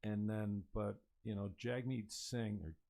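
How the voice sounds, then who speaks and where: A man's voice: medium pitch, expressive, normal speed, a little mellow. A man hosting a casual political chat, blunt, opinionated and rambling.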